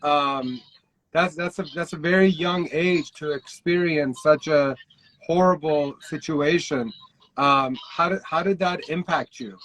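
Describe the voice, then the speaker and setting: Host asking gentle, halting questions. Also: male voice, a little high, a little hiss or hum, low-quality recording. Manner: polite, slightly halting questions. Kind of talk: livestream interview. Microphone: video call.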